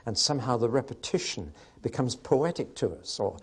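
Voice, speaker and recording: A man's voice: mid-range voice, fairly quick, hardly any pauses, slightly rough. Man teaching Bible poetry, chanting beats. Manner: explanatory, asks the audience questions; recites verses rhythmically to show the beat.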